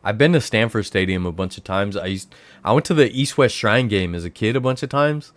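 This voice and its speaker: A man from the Bay Area of California hosting a livestream, chatting casually and rambling, his voice jumping up high when he gets excited. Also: fairly quick, no room sound. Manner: rambling storyteller who jumps to high excited exclamations. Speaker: livestream host.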